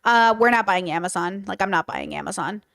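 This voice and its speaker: A woman's voice: on the low side, brisk, gravelly, a bit bright, no echo, clean studio sound. A young woman giving casual, opinionated commentary with many fillers as host of a reaction show. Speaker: host reacting to a podcast clip.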